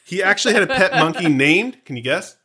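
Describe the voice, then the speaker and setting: A man's voice: sits high, big pitch swings, fairly quick, pushed and bright, breathy edge. A man co-hosting a podcast in casual, jokey chat, often laughing. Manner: chatty, jokey, frequent laughter. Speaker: podcast co-host.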